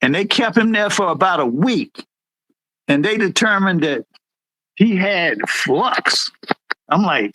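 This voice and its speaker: A middle-aged military veteran, a guest who once worked as an Air Force supervisor, tells stories in a casual, animated way, his voice leaping high whenever he acts out someone's words. He speaks slowly and pauses often, and the recording is rough but has no echo.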